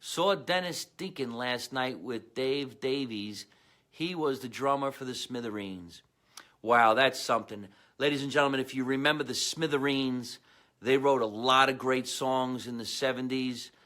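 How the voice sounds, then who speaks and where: A man's voice: mid-range voice, a little slow. A man hosting his own comedy show, telling rambling stories with a New Jersey accent and talking straight to his viewers. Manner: rambling, animated storyteller with asides to viewers. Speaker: comedian podcast host. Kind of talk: casual storytelling monologue.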